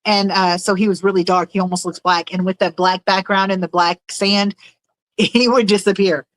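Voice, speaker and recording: With fairly even intonation and a moderate pace, a woman in a mid-range voice chats on a casual livestream, rambling, reading viewers' messages aloud and often groping for words. The recording is dry and low in quality.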